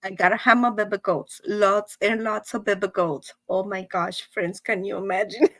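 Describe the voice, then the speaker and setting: A woman's voice: mid-range voice, fairly even intonation, moderate pace, dry recording. A middle-aged woman, hosting a weekly live show and chatting casually with viewers, laughing between nearly every line.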